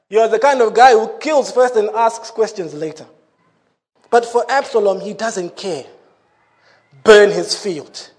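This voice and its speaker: A man preaching a sermon in an animated way, breaking into laughing asides. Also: sits high.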